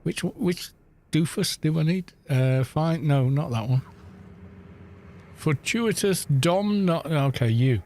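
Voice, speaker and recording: Slow-talking British man streaming a game. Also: a little high, expressive, darkish tone. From Britain. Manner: rambling, anecdotal, swears casually. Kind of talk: casual chat while gaming.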